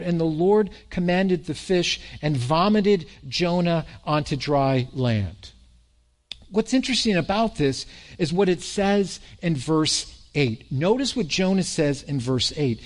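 A male pastor preaching a sermon in an animated way, often repeating words and laughing along with the congregation. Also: a little high, unhurried. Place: church sanctuary.

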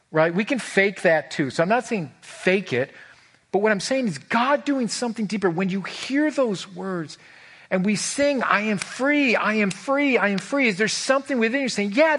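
A man preaching a sermon as pastor, earnest and emotional, who repeats words and swings from hushed to raised lines. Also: high-pitched, breathy edge.

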